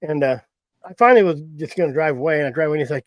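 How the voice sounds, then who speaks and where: A middle-aged hunting guide with a slightly high voice tells a story fast, in a loose, folksy ramble, chuckling at his own tale. The sound is dry and close, with no room sound.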